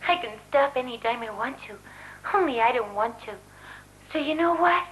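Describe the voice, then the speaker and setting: A man voicing a tipsy, flirty woman leaving a breathy message on an answering machine. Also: extremely high pitch, expressive, moderate pace, bright, forceful tone, a little hiss or hum, voice pushed up, full character voice, poor audio.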